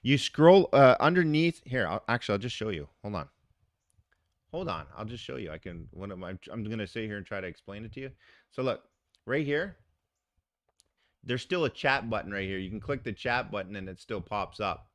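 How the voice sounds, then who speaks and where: A man's voice: on the low side, animated, normal speed, no room sound, studio quality. A man live-streaming from his phone in a casual, chatty way, talking to the viewers in the chat. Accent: Canadian English.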